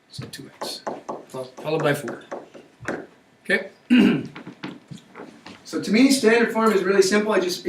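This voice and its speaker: In a math classroom lecture, a man with a high voice coaxes his students along, often checking in with questions. The mic is far away, the room echoes, and there's slight background noise.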